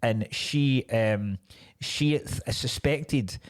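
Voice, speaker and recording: A man co-hosting a comedy podcast, delivering jokes in a deadpan, sweary way. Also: medium pitch, very slow. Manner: deadpan joke-telling, sweary. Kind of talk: casual comedy chat.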